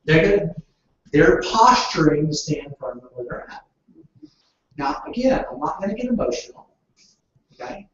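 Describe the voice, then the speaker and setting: A man's voice: high voice, big pitch swings, moderate pace, long pauses. A man training real estate agents in negotiation, asking the room questions and waiting for answers. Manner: asks the room questions, then waits. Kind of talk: training session talk. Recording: echoey room, distant dull mic.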